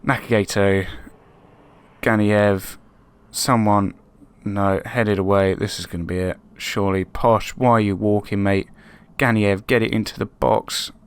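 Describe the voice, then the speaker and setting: A man hosting his own gaming channel, commentating a football management game casually, excitable and prone to yelling at his players. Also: on the low side, unhurried, clean tone. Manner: excitable, shouting at players, swings between frustration and resignation. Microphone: webcam microphone.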